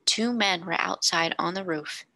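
A woman reading a classic novel aloud in a measured, expressive narration. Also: on the low side, gravelly, no echo. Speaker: storybook reader.

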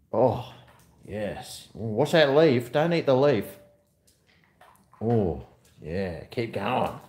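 A man chatting casually on a home vlog, talking to his dog in a high sing-song voice at times. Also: darkish tone, roomy sound. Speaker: vlogger. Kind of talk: casual chat to camera. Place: at home near a garage.

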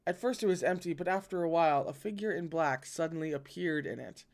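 A man reading the lines of a proud, defensive teenage boy in a story, a little higher than his own voice. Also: a little fast, creaky. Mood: uneasy.

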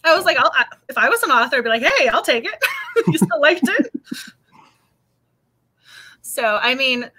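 A woman hosts a casual book club livestream from home, bubbly and quick to laugh. Her voice sits high and sounds bright and sharp. She talks in an easy, chatty way. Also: sing-song, a little hiss or hum.

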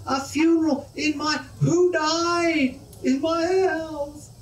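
A storyteller playing a distraught farmer who keeps stammering in disbelief at each new piece of bad news. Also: male voice, extremely high pitch, fairly even intonation, slow, slight background noise, voice pushed up. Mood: disbelieving. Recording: echoey hall from far off.

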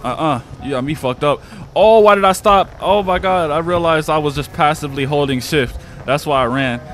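A man's voice: fairly high pitch, fairly quick, a bit bright, a little hiss or hum. A young man commentating a horror game, cursing and reacting with panic. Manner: profane, jumpy, panicky reactions. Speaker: gaming YouTuber.

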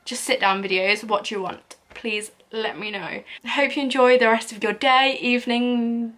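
A woman's voice: a little high, steady tone, moderate pace, a bit bright. A young woman chatting casually in a Q&A vlog, rambling and giggling as she answers. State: out of breath. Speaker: YouTuber.

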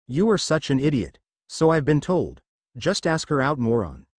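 A man's voice: on the high side, very animated, normal speed, no echo, studio quality. A man voicing a grumpy male dragon spirit who scornfully scolds his host. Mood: exasperated. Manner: scornful, calls others whelp and moron.

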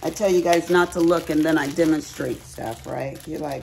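A woman's voice: deep voice, steady tone, normal speed, vocal fry, few pauses, darkish tone, a little hiss or hum. A middle-aged woman, chatting casually to viewers in a craft haul vlog at home, folksy and chatty. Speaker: crafting vlogger. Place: at home, bedroom.

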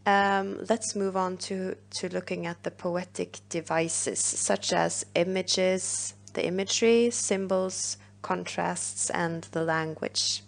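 A woman talks through a poem as a teacher in a recorded lesson. She takes her time and pauses on filler words, with a gravelly fry in her voice. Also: on the low side, steady tone. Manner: patient explaining with filler pauses.

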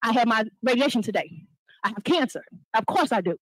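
Impassioned high-voiced woman, dry sound. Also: animated, brisk, a bit bright, no echo, rough recording. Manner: impassioned, accusing. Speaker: resident speaking at a public meeting. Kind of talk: public comment.

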